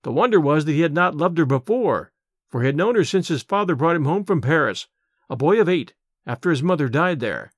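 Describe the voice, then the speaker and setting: A man narrating a classic short story in expressive, scripted storytelling, slowing down for vivid imagery. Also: a little high, dry recording, clean studio sound. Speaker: audiobook narrator.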